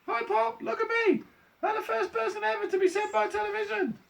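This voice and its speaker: A man voicing a tiny shrunken boy who is bratty and squeaks in a shrill, whining way, reading to children. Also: little pitch movement, a little fast, gravelly, a bit bright, distant mic, exaggerated voice. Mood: cheeky.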